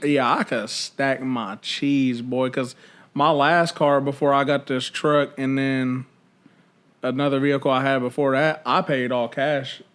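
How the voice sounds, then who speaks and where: A man's voice: medium pitch, flat delivery, unhurried, a bit bright, smooth. Slangy, rambling young man telling stories. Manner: rambling storyteller, slangy, many fillers. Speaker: podcast co-host. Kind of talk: casual chat.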